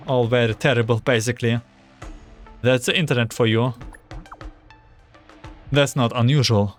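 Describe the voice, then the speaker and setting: A man streaming a game, reading the dialogue aloud and reacting with anxious groans between lines. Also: medium pitch.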